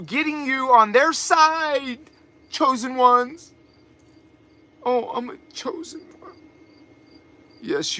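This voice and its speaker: A man with a high voice preaches on a live spiritual stream, and his tone comes across sharp and forceful. He talks emphatically, circles back over his points and breaks into mocking asides. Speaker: spiritual teacher and channel host. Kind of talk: live spiritual teaching talk.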